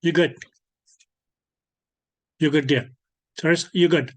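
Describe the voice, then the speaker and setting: A man teaches online through a video call microphone, speaking at a measured pace in a slightly high, steady voice with a breathy edge. He is patient, checks that his students understand, and often corrects himself. The recording is dry.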